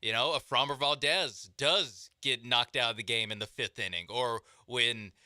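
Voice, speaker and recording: A man on a sports radio show, casually explaining his view of a baseball team in a measured way. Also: mid-range voice, pushed and bright, no echo, clean studio sound.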